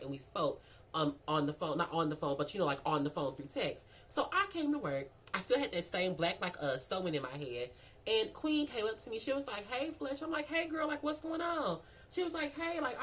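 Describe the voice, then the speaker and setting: A young woman spins a casual storytime tale, her speaking voice sitting on the low side. She is animated and profane, acting out both sides of each conversation. The delivery is loose and chatty. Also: rough recording.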